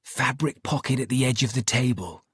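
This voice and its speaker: A man's voice: mid-range voice, normal speed, breathy edge, no echo. A man doing a dry, clipped detective. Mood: dry dismissive. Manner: quiet, clipped, dismissive asides. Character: dry, sharp-eyed Victorian detective man. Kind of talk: audiobook character voice.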